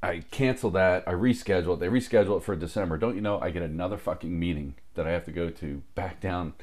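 Very deep-voiced man telling a profane story. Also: fast talker. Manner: profane, animated anecdote-telling with quoted dialogue. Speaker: storyteller in a casual conversation. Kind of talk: casual chat.

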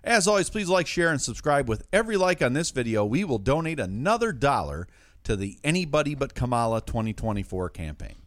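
A man's voice: mid-range voice, big pitch swings, brisk, no room sound. A man hosting a comic news show in a studio, delivering jokes and headlines in a wisecracking way. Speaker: host.

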